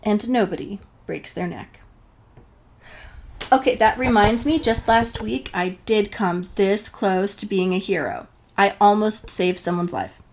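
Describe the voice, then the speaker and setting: A woman's voice: medium pitch, measured pace. A woman from New Hampshire telling a personal story to the camera, wry and self-deprecating. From New Hampshire, USA. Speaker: vlogger.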